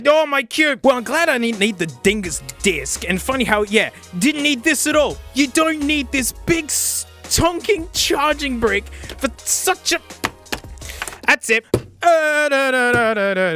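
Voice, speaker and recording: A man reviews a gadget in a casual vlog, excitable and sarcastic, laughing and exclaiming as he goes. His voice swoops up and down, and faint music plays behind him. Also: extremely high pitch.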